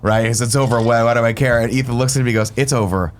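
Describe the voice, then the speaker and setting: A man's voice: mid-range voice, racing. Man recapping a movie in casual chat. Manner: animated recapping with quoted lines, swearing. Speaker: podcast host.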